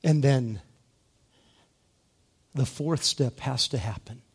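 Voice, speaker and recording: A male preacher giving a sermon, moving between hushed, gentle passages and loud, rising emphasis, drawing out key words slowly. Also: mid-range voice, breathy edge. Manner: slow, deliberate delivery with drawn-out key words.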